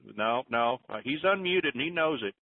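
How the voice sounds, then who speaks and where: A man's voice: mid-range voice, expressive, fairly quick, dry recording. A man hosting a conference call, giving folksy advice and often restarting his sentences. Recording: tinny phone line.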